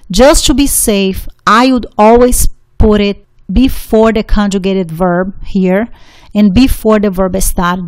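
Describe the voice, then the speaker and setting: A woman teacher walks through a grammar lesson at a slow, careful pace. Her voice sits in an ordinary middle range and comes across dry and close, with no room echo. She hammers each rule home by repeating it. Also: medium pitch, clear, resonant tone. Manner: deliberate, repeats rules for emphasis. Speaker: Spanish teacher.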